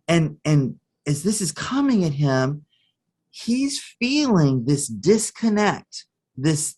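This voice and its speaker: A man's voice: on the high side, slightly rough. A man, a therapist guest on a podcast, explaining with a story and clinical terms. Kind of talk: podcast interview.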